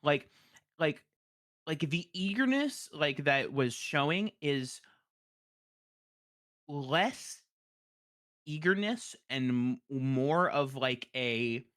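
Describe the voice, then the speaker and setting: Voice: medium pitch, expressive, drawn-out words, long pauses, a bit bright. A game master narrating a tabletop game in a rambling way, with many fillers.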